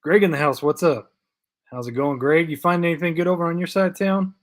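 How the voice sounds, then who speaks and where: His voice is a little high, with fairly even intonation and a slightly fast pace. He hosts a casual live diecast stream, rambling over viewer comments with fillers and repeats, sounding tired and underslept, and jokingly putting on a Canadian accent.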